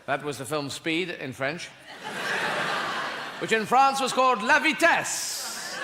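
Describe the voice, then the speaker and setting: A man's voice: sits high, very animated, slow pace, long pauses. A man doing live stand-up comedy in a large theatre with a playful, rambling delivery. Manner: rambling, playful, broken schoolboy French. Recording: echoey hall, audience noise.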